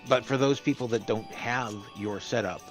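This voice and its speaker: A man co-hosting a stream, asking questions in a casual, halting way with many restarts. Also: mid-range voice, faint music behind. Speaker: co-host. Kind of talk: casual chat.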